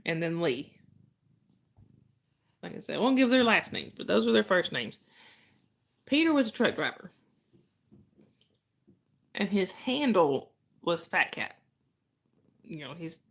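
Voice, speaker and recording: A woman's voice: fairly low pitch, a bit bright. Chatty woman streamer. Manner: chatty, laughs often, restarts sentences. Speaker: livestream host. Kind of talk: casual live chat storytelling.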